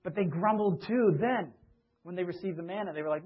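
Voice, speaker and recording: A man preaching a conversational sermon, asking his listeners questions and sometimes acting out grumbling voices with a rising pitch. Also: fairly quick, husky, highs cut off. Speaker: pastor.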